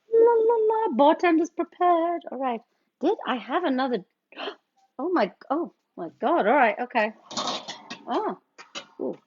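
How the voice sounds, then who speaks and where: Mixing cocktails on her livestream, this middle-aged bartender host chats playfully and calls out viewers' names to greet them. Her voice sits a little high with a fairly bright tone. Audio quality is dull, typical lo-fi stream sound.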